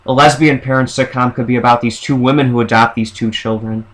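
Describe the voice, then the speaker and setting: A man's voice: mid-range voice, fairly even intonation, brisk, fairly bright tone, poor audio. A man vlogging, rambling through a list of show ideas in a casual monologue. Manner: rambling, with fillers and restarts.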